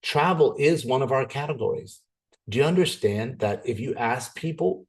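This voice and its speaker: A man giving an energetic, persuasive sales presentation, often repeating words as he pushes ahead. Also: mid-range voice, fairly quick.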